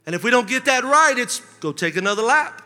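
A man preaching a sermon as pastor, asking rhetorical questions and building to shouted emphasis. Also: very high voice, animated, a little fast, in a large hall.

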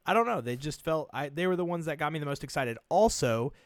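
A man co-hosting a movie podcast in casual chat, excitable and swearing freely in quick bursts. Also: fairly high pitch, no room sound, clean studio sound. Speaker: podcast co-host.

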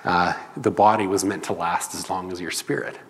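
A man's voice: low voice, steady tone, normal speed, a bit bright, husky, long reverb tail. A man preaching a sermon in a loose, conversational teaching manner. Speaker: pastor.

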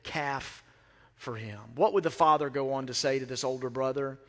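A man's voice: mid-range voice, steady tone, quick pace. A middle-aged man preaching a sermon, emphatic and repeating phrases, asking the congregation questions. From Mississippi. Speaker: pastor. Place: church sanctuary. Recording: reverberant hall.

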